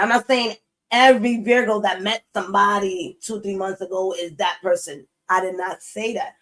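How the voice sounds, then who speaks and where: A woman's voice: medium pitch, low-quality recording. Woman reading tarot to camera, blunt and chatty, cusses a lot, says stuff twice for emphasis. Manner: blunt, swears freely, emphatic repetition; chatty, talks straight to viewers. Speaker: tarot reader.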